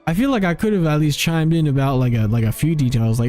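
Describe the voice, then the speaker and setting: A man's voice: on the high side, very animated, fast, dark tone, soft background music. A man streaming a video game, rambling in casual commentary, often cutting himself off and laughing at himself.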